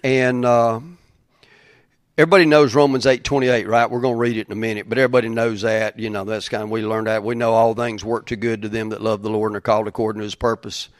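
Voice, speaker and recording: A middle-aged pastor preaching a sermon, halting with many fillers and then building to fervent emphasis. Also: male voice, fairly low pitch, little pitch movement, dry recording, clean studio sound.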